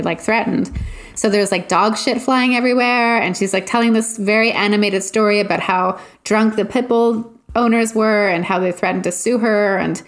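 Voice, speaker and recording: A woman co-hosting a casual chat, telling a rambling story and laughing often. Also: medium pitch.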